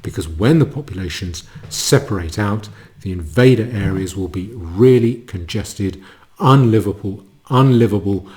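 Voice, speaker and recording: Sardonic low-voiced man. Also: lively intonation, dark tone. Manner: sardonic, mocking asides with halting restarts. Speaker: commentator. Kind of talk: monologue commentary.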